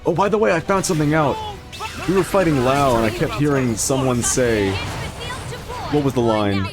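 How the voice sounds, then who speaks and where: A man's voice: medium pitch, moderate pace, over music, crowd noise. Chatty man streaming a game. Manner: chatty, laughs often, self-mocking. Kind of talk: casual gaming commentary.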